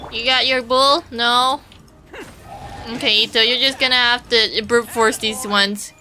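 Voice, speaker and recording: A woman's voice: fairly high pitch, fairly even intonation, measured pace, sharp tone, soft background music. A woman streamer giving casual gameplay commentary, rambling playfully to her viewers and swearing now and then.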